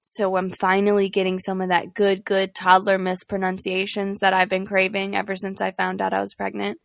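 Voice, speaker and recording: A woman's voice: mid-range voice, completely flat delivery, normal speed, creaky, dry recording, studio quality. A young woman co-hosting a podcast, chatting casually with lots of laughs and fillers. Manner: giggly, chatty, many fillers. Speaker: podcast co-host. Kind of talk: casual chat.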